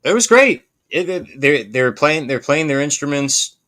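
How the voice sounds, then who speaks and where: Man, podcast co-host, bright forceful voice, enthusiastic, laughs a lot. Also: a little high, big pitch swings, measured pace. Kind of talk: casual chat.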